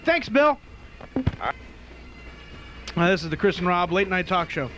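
A man's voice: sits high, sing-song, a little slow, music in the background, poor audio. A man hosting a late-night call-in radio show, teasing and joking with callers. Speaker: radio talk show host.

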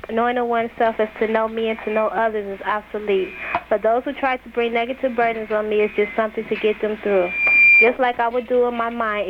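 A teenage girl calling into a radio show and reading her own poem, shy and soft-spoken. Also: on the high side. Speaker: caller. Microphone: phone. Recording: muffled phone call with faint noise.

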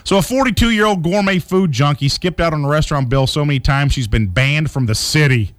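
A man's voice: a little high, brisk, dry recording. A man co-hosting a radio show, rambling through a news story with jokes and asides. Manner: jokey, rambling, slips into silly accents. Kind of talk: casual comedic radio banter.

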